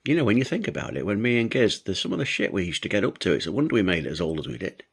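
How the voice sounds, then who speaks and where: A man's voice: low voice, big pitch swings, rapid-fire, vocal fry, slightly rough. An older man, a show host, telling a childhood story and laughing as he goes. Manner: amused, laughs between lines.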